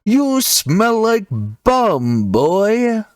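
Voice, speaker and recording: A man doing a snooty high-pitched fighter. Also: huge pitch swings, drawn-out words, dry recording, studio quality, full character voice. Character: haughty self-righteous young human fighter.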